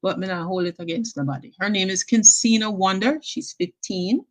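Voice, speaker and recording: A chatty woman with a Jamaican accent hosts a casual live stream. She greets her viewers one by one with endearments and drops into patois now and then. Her voice sits in an ordinary middle pitch. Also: normal speed. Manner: slips into patois phrases.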